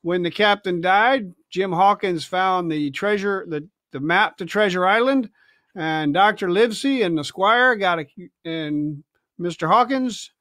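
Bright, lively man reading aloud. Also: high voice, dry recording, clean studio sound. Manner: expressive, chatty asides. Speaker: reader. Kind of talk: reading a novel aloud on a livestream. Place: family home, indoors.

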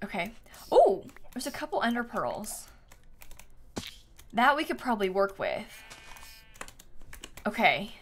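A young woman streaming a game live, reading out donations and reacting excitably, swinging from shrieks to low mutters. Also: slow, long pauses, slight background noise.

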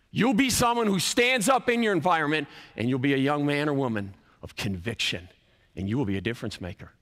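A man in his fifties delivers a chapel sermon with a high, bright voice that swings widely from peak to hush. He speaks emphatically, rising hard on key phrases, and the long reverb of a large hall trails each line. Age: 50s. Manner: emphatic, preacherly, rising and dropping for effect. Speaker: college athletic director and speaker.

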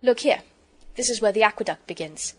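A woman reading the part of a cheerful, kindly country doctor in a children's storybook, brisk and teasing. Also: on the high side, a little mellow, slightly rough.

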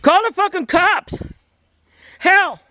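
Agitated high-voiced woman swearing in her car. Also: slow pace, bright, forceful tone. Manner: agitated, swearing, repeating herself. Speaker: vlogger filming from her car. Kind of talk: upset self-filmed dash cam vlog. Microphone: dash cam in a car.

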